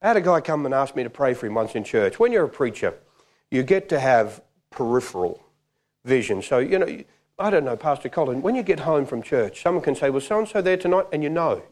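Male preacher, middle-aged, animated storyteller, voice rises and falls a lot. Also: mid-range voice, a little fast. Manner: animated, acts out quoted voices. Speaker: pastor. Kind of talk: sermon with storytelling.

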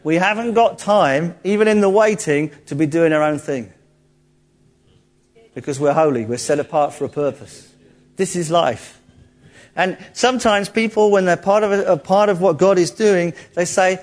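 A man preaching to a congregation in an animated, chatty way, cracking jokes as he goes. His voice sits a little high for a man. He acts out the people he quotes. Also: normal speed. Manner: lively, jokey, conversational, acts out quotes. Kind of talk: sermon.

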